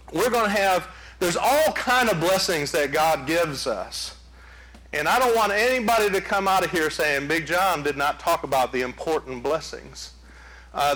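A man preaching a sermon, telling folksy stories in an animated way. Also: on the high side, low-quality recording. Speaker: pastor.

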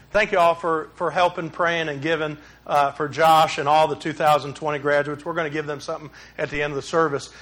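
A man preaches through a personal story. His voice sits high and sounds bright and ringing. He tells the story with animation and acts out the shouting and dialogue. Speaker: pastor. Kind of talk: sermon with personal stories.

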